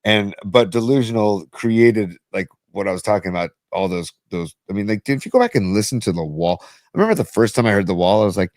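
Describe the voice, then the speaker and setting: Low-voiced man musing on a podcast. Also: animated, fast, darkish tone, no room sound. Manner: rambling, musing. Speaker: podcast co-host. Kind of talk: casual chat.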